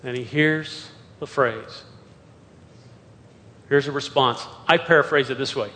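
Here a pastor, a man with a high and slightly bright voice, preaches through the scriptures one verse at a time, asking sharp rhetorical questions. His delivery is measured and full of pauses, and a long reverb suggests a large hall.

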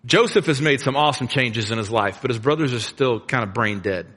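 A man's voice: medium pitch, animated, fairly quick, fairly bright tone. A middle-aged man preaching a sermon as a pastor, retelling the story in a casual, conversational way with plain slang. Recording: long reverb of a large room.

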